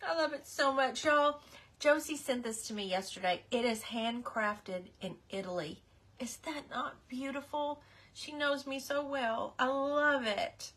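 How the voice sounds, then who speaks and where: A woman's voice: sits high, unhurried, a bit bright. A middle-aged woman hosting a casual live craft stream, chatty and apologetic, greeting her viewers by name. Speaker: craft livestream host.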